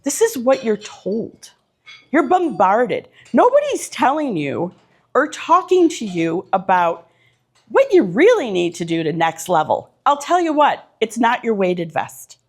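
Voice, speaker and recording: A woman's voice: a little high, very animated, unhurried, husky. Punchy, direct woman giving a motivational talk. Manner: punchy, direct, repetitive lists. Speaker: keynote speaker. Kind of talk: motivational talk to a live audience. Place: event room with audience.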